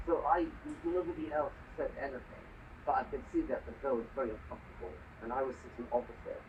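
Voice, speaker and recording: A fast-talking man with a medium-pitched voice shares a story earnestly in a casual conversation, often saying "you know." He lives in Hong Kong, and the recording is muffled and distant, with a little background noise.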